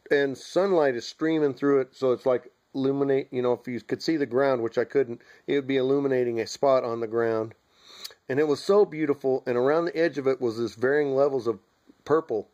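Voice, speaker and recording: A middle-aged man tells a vivid dream in casual, earnest storytelling. He rambles, restarts his sentences and adds asides as he goes. His voice sits at an ordinary middle pitch. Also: a little mellow. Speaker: video maker telling a dream. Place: at home, outdoors near a house.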